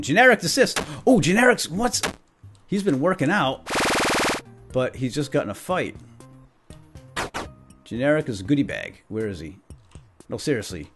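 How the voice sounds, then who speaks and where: A man hosting a video game let's play, casually commenting and playfully bantering with the characters. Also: medium pitch. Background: game music.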